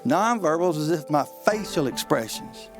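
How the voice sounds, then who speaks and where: A man, a trial lawyer explaining how trials work on a call-in show, in a folksy, animated way that acts out courtroom exchanges. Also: a little high, normal speed, music in the background.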